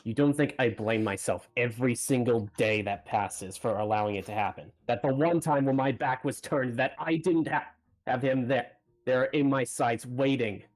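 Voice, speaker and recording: A man's voice: medium pitch, moderate pace, pitched above the performer's own voice, close to an everyday voice. A man voicing a guilt-ridden father in a tabletop game, pleading and emotional, his voice climbing as he insists. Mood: pained, defensive. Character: grieving guilt-ridden father defending himself.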